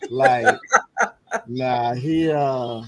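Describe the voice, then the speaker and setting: A man's voice: mid-range voice, big pitch swings, drawn-out words, gravelly, rough recording. A man, a father guest on a podcast, chatting playfully and laughing often. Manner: laughing, playful, talks about his son. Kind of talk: casual chat.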